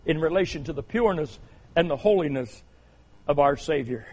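High-voiced preacher delivering a sermon. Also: male voice, animated, normal speed. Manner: preaching with rising, emphatic outbursts and hushed lists.

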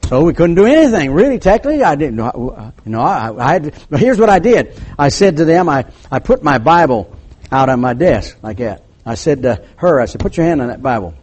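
A man's voice: fairly high pitch, very animated, a little fast, breathy edge. Older male preacher telling a story. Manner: storytelling preacher, acts out voices, drops to hushed tones. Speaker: pastor. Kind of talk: sermon.

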